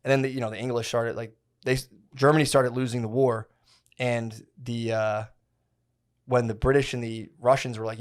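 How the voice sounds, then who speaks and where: A man's voice: mid-range voice, fairly even intonation, fairly quick, smooth. A young man chatting on a podcast, rambling through a story full of "like" and restarts and quoting people in a bro voice. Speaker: podcast co-host. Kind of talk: casual podcast chat, rambling history retelling.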